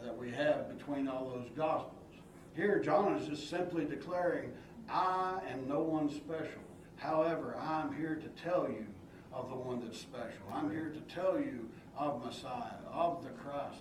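A man teaching Sunday school who reads scripture aloud and then explains it plainly, often restarting his sentences. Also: fairly high pitch. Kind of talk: expository Bible teaching. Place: church room. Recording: echoey church room from far off, faint hiss.

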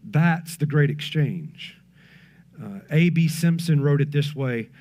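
High-voiced preacher swinging loud to hushed. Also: male voice, lively intonation, takes it slowly. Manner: conversational asides to the congregation. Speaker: pastor. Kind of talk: sermon.

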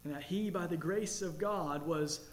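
A man pastor preaching a sermon, earnest, rising to emphatic declarations and dropping low and slow.

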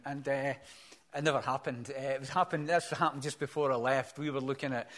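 An older man preaching a sermon as pastor, earnest, swelling to emphatic peaks, then dropping soft and slow. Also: on the high side, fairly even intonation.

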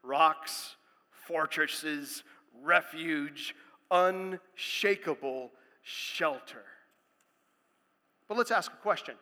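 A man preaching a sermon as pastor, speaking emphatically and building to loud proclamations. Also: a little high, very slow, pauses often, long reverb tail.

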